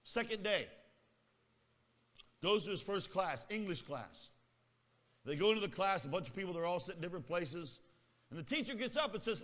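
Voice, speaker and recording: Storytelling preacher with a bright voice. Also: male voice, high voice, big pitch swings, normal speed, long pauses, long reverb tail. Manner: storytelling, acts out the people in the tale; teasing asides to the congregation. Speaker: pastor. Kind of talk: sermon. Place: camp meeting.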